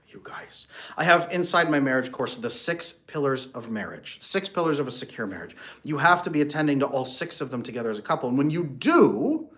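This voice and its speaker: A man gives marriage advice in a direct, emphatic monologue, like a relationship coach speaking to his audience. His voice sits at an ordinary middle pitch. He leans on repetition and rhetorical questions to drive his points home. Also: a bit bright. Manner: emphatic, rhetorical questions, acts out quoted partners.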